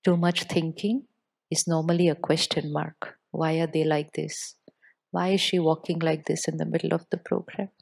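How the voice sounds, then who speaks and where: A woman giving a spiritual talk to a live audience, speaking with deliberate pauses and putting questions to the listeners. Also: low voice, flat delivery, vocal fry, a little mellow.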